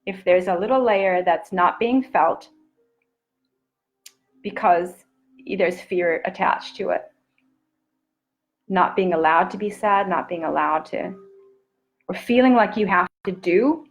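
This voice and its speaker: A woman coach speaking live to her viewers in an earnest, intimate and encouraging way, sometimes dropping to a soft near-whisper. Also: fairly low pitch, takes it slowly, long pauses, faint music behind, low-quality recording. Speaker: self-love coach. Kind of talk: live-streamed motivational talk.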